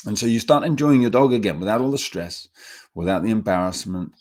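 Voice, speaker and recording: A man's voice: fairly low pitch, fairly quick, a little mellow. A middle-aged man, a dog trainer, teaching a seminar in an earnest, repetitive way with restarts. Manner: earnest, repetitive, talks with restarts and acted-out quotes.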